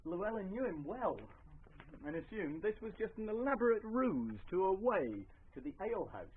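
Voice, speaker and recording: A man's voice: high voice, very animated, moderate pace. A man telling a folk tale live in a hall, chatty and throwing asides to the audience. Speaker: storyteller. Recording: tinny lo-fi live recording, faint hiss.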